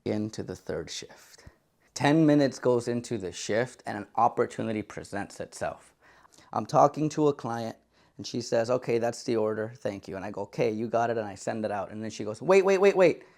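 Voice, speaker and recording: A young man telling a personal story in a comic vlog, animated and acting out quotes in different voices. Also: lowish voice, moderate pace. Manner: animated, acts out his own thoughts and other people in quoted voices.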